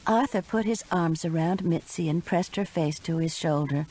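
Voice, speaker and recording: Expressive woman narrating a mystery. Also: fairly low pitch, normal speed, few pauses, husky, rough recording. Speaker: audiobook narrator. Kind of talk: first-person mystery narration.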